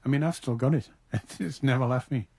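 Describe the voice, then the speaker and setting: Older scouse guy in an interview, mellow warm voice, thinks back and restarts his sentences a lot. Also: mid-range voice, a little fast, breathy edge. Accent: Liverpool. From Liverpool, England. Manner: reflective, with frequent restarts. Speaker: interview guest. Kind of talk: radio interview.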